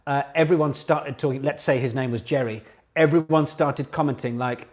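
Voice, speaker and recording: A man hosting a live online pub quiz for charity, chatty and animated, breaking into sung quote answers now and then. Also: mid-range voice, moderate pace.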